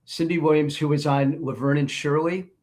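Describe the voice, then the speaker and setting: A man, a writer and producer guest, telling anecdotes in an interview with an animated manner. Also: fairly high pitch, normal speed. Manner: animated storyteller.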